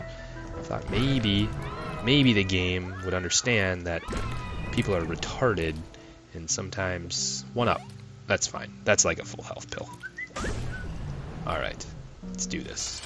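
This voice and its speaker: Low-voiced man swearing through gameplay. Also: expressive, slow pace, long pauses. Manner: swears a lot, rambling, flares into angry outbursts. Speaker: gaming channel host. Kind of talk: casual gameplay commentary. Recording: music playing loudly behind.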